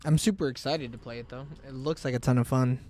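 A man's voice: medium pitch, fast. A man streaming a game and chatting casually with a friend, joking around. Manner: animated, joking, breaks into silly sing-song noises. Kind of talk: casual gaming chat.

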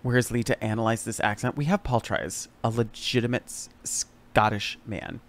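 A man's voice: on the low side, steady tone, moderate pace. A young man chatting sarcastically while playing a game on a live stream, exclaiming often.

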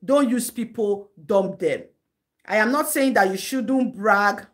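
A woman's voice: mid-range voice, takes it slowly. A Nigerian woman hosting a live-stream gossip commentary, lecturing and scolding in a chatty way, laughing between her points.

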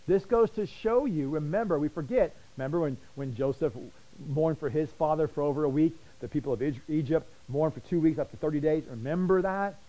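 A man teaching a Bible study, fast and passionate, often repeating words as he gets excited. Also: fairly high pitch, rough recording.

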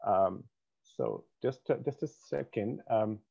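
A man's voice: fairly low pitch, sing-song, slow, gravelly, dark tone, lo-fi sound. A man hosting an interview over a video call, polite and hesitant, with many fillers. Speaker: program host.

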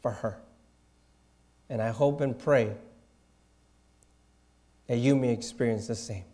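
A man preaching with a slow, unhurried delivery. His voice is dark and mellow, and his tone is reverent, sinking into quiet, hushed asides. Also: medium pitch. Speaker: pastor. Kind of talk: sermon.

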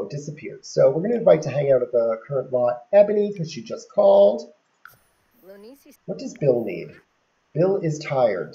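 A woman's voice: deep voice, warm tone, lo-fi sound. A woman giving casual gameplay commentary, chatty and laughing often as she talks to the characters on screen.

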